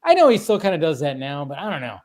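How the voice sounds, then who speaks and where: Rambling, animated man on a stream. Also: a little high, fast talker. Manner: rambling, animated, many restarts and acted-out quotes. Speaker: stream host. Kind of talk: casual chat.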